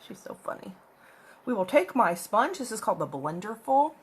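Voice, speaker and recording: A woman's voice: mid-range voice, big pitch swings, moderate pace, husky. A woman chatting and rambling through a makeup tutorial at home, recorded on a phone. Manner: rambling, chatty, talks while applying makeup. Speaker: makeup vlogger. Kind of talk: casual makeup tutorial chat. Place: at home with her cat. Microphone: phone camera.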